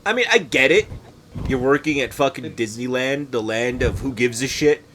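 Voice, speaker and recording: A man's voice: mid-range voice, animated, normal speed, a bit bright, a little hiss or hum. A young man co-hosting a podcast, ranting in casual crude banter and mocking people with put-on quotes. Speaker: podcast co-host.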